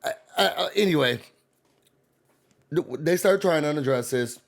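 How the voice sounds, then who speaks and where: A man hosting a reality TV recap, talking in a sassy, animated way as he riffs on the cast. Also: on the high side, a little slow, creaky. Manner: sassy, animated, quotes cast members in voices. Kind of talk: casual commentary.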